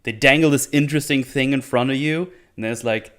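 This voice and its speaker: A man's voice: medium pitch, fast, fairly bright tone. A man ranting through a casual review with lots of swearing and sarcasm, mocking characters in put-on voices. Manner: profane, sarcastic, mocks characters in silly voices. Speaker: video reviewer.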